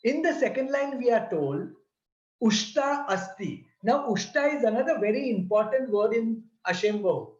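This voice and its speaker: A man giving a slow, deliberate lesson that explains a prayer and breaks its words into syllables. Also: very high-pitched, animated, a little mellow. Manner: deliberate, repeats and spells out syllables. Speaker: religious teacher. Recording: roomy, slightly dull sound.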